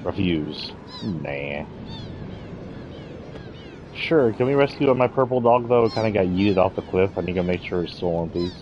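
A man's voice: deep voice, lively intonation, moderate pace, long pauses, lo-fi sound, background noise. A man casually commenting while streaming a game, with wry, self-mocking asides. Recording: faint game music behind.

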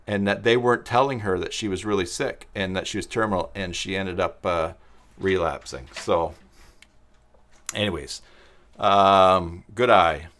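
Man, lowish voice, live-stream tutorial host, thinking aloud, answers chat, halting with fillers. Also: fairly bright tone. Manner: thinks aloud while working, replies to chat viewers; halting, with many pauses and fillers. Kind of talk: live-stream screen-share web design tutorial.

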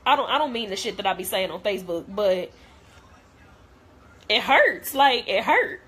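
A woman's voice: mid-range voice, big pitch swings, moderate pace, fairly bright tone, slight background noise. A young adult woman vlogger in a blunt, profane, hurt and heartfelt rant to camera.

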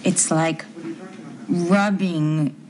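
An actress playing an earnest, confused housewife in a 1970s TV soap, speaking in a hesitant, stammering way. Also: female voice, on the low side, steady tone, extremely slow, a little mellow, a little hiss or hum.

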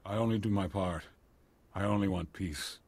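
An actor voicing a solemn alien tribal chief in a video game, speaking in a halting, formal way with a husky voice. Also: male voice, low voice, darkish tone.

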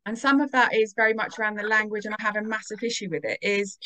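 A woman as a podcast guest, talking in a casual, animated way and acting out her own inner dialogue. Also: medium pitch, quick pace. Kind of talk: casual conversation.

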